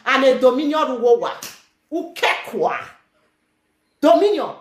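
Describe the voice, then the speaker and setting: Fiery high-pitched Nigerian Pidgin woman. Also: moderate pace, reverberant, slight background noise. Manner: animated, scolding, shouting at times. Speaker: guest telling her story. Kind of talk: heated live-stream talk.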